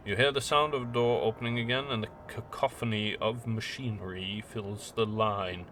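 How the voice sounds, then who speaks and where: A man streaming a role-playing game, reading the game text aloud in a steady, plain way. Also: lowish voice, normal speed, few pauses, background noise. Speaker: gamer streaming a playthrough.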